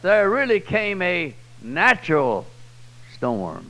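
A man with a Southern US accent preaching a sermon, swinging from loud, high cries to low, quiet passages. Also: expressive, measured pace, low-quality recording. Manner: swells loud and high then drops low and soft. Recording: old 1990s church tape.

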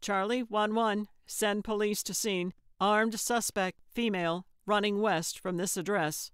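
A woman doing a clipped brisk male paramedic. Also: medium pitch, fairly even intonation, clear, resonant tone, no room sound, studio quality, lightly acted. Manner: clipped and businesslike.

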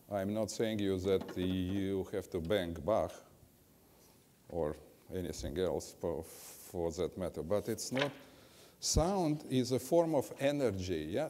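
A man's voice: lowish voice, dark tone, slight background noise. Older man coaching piano. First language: Russian. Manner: direct, corrective, instructive. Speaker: piano teacher. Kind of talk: master class coaching. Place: music school hall with a piano. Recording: reverberant hall.

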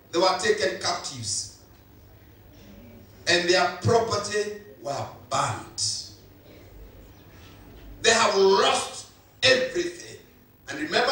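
In a church hall, a male pastor preaches with emphatic repetition, his voice sitting high with a sharp tone. The recording is echoey, and he sounds far off.

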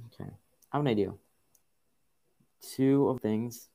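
A young man giving frustrated gameplay commentary, muttering to himself and breaking into loud exasperated outbursts. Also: medium pitch, unhurried, creaky. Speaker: gaming video creator.

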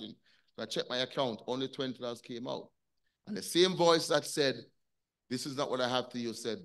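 A man's voice: medium pitch, fairly bright tone. Man teaching Sunday school, quizzing his class. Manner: conversational, asks the class questions. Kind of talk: Bible teaching on a video call. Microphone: video call.

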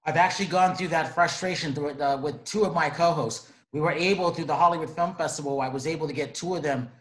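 A man's voice: fairly high pitch, quick pace, fairly bright tone. A man hosting an interview, introducing his guest effusively and asking questions. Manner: enthusiastic, effusive. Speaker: host. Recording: roomy echo.

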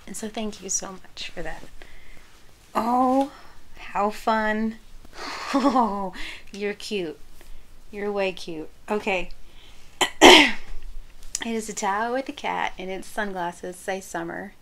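Woman, crochet channel host, casual unboxing chat, soft and gushing, unhurried. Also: medium pitch. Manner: gushing, soft-spoken, often drops to a whisper.

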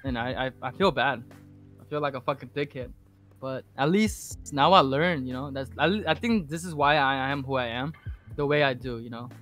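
A man's voice: medium pitch, moderate pace, soft background music. A man being interviewed as a podcast guest, telling a casual story full of swearing and restarts. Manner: rambling, heavy swearing, animated retelling.

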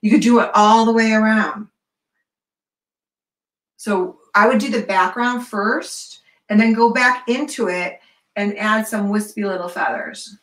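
A woman's voice: medium pitch, unhurried, roomy sound, distant mic. A woman art teacher leading a live online class, chatty and encouraging with casual fillers.

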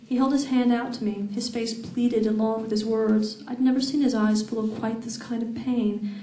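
A woman reading her first-person novel aloud at a live event, in a steady, expressive voice. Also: on the high side, normal speed. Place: event hall. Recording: echoey room, far from mic.

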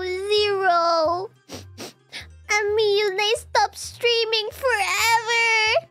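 A woman's voice: very high voice, a bit bright. A woman streamer chatting casually on a livestream, giggly and teasing, laughing often.

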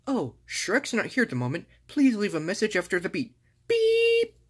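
A woman's voice: medium pitch, wildly swooping pitch, normal speed, slightly rough. A woman voicing a grumpy, rude male green ogre, sighing and grumbling in home toy play-acting.

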